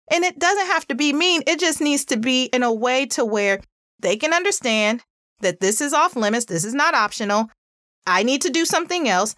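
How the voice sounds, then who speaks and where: A woman hosting a parenting talk, chatty and earnest, with a pitchy voice and plenty of "like" fillers. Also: animated, normal speed, fairly bright tone, no echo, studio quality. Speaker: parenting podcast host. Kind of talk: casual advice talk.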